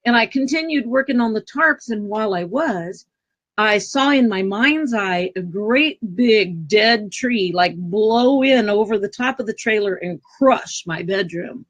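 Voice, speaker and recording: A middle-aged woman, a podcast guest, telling a personal story in a lively way, acting out what people said with sudden loud bursts. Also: medium pitch, unhurried, no echo, lo-fi sound. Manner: animated, acts out quoted speech with sudden loud outbursts. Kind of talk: conversational storytelling. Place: travel trailer.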